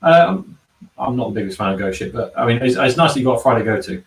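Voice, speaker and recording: A man's voice: medium pitch, expressive, quick pace. A man hosting a casual livestream from a bar, reading out chat comments and humming filler syllables between them. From England. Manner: chatty, hums filler syllables while scrolling comments. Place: bar and kitchen. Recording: echoey room, from a distance.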